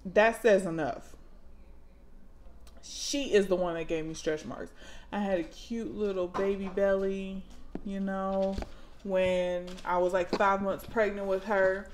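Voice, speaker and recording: Speaking slowly over a faint hiss or hum, a mom vlogger in her thirties shares stories about her children. She performs the moments theatrically, jumping into loud, high-pitched outbursts.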